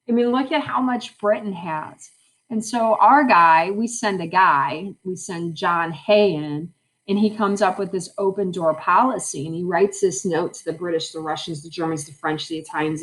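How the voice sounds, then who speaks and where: A woman with a lowish voice gives a recorded history lesson at a measured pace, chatting informally and speaking straight to her students. The recording quality is low.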